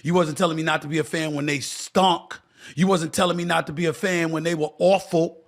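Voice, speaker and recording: A man's voice: sits high, fairly even intonation, fairly quick, a bit bright. A man hosting his own sports talk show, delivering an impassioned commentary monologue that repeats phrases for emphasis and addresses listeners as "y'all".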